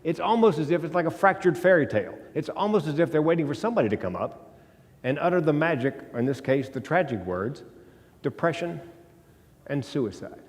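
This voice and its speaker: Man telling a story on stage, higher voice. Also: animated, darkish tone. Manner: storytelling with dramatic pauses and wry humor. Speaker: comedian and speaker. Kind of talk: stage talk. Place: stage in a large hall. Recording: hall reverb from stage talk.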